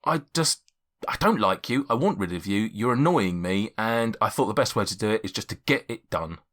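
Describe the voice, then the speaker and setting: A man voicing a gruff, irritable female blacksmith who scolds in an exasperated way. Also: lowish voice, expressive, a little fast, a bit bright.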